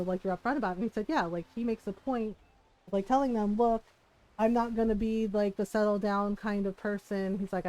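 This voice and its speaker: A woman's voice: mid-range voice, a little mellow, rough recording. A middle-aged woman streaming a game, telling family stories in a chatty way, laughing often and swearing freely. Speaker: live streamer. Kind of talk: casual chat while gaming.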